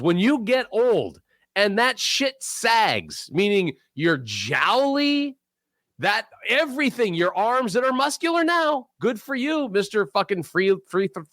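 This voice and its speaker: High, lively ranting man. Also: dry recording, studio quality. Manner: ranting, sarcastic, swears a lot. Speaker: podcast co-host. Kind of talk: profane casual chat.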